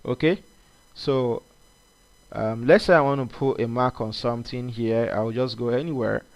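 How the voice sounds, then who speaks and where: Guy walking thru a coding tutorial on screen, lots of um and uh, restarts a lot, middle pitch. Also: normal speed. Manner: rambling, many fillers and restarts. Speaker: coding instructor.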